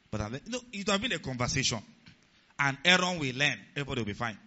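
Racing through his sermon, a lively male preacher uses a bright, tense voice, firing rhetorical questions at the congregation. He drops into a lower voice to act out quoted speech, and the recording is dull and lo-fi.

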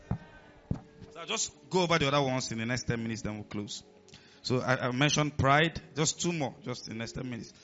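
A man with a Nigerian accent preaching a sermon as pastor, animated and laughing between points. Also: medium pitch, muffled recording.

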